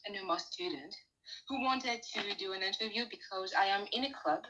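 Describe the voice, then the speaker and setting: A woman's voice: mid-range voice, normal speed, bright, forceful tone, rough recording. A teenage girl from France, a student guest, talking nervously and hesitantly with many fillers. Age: teens. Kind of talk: nervous interview chat.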